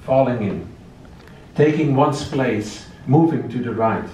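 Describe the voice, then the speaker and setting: A man reading his poetry aloud in a slow, measured recitation at a library event. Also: mid-range voice, expressive, dark tone, a little hiss or hum. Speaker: poet. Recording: echoey room, distant mic.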